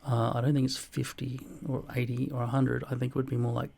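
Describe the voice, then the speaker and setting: A man in his forties reading out viewer comments and answering them in a dry, deadpan way, with plenty of swearing. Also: mid-range voice, quick pace, gravelly. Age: 40s. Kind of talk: casual comment-reply vlog.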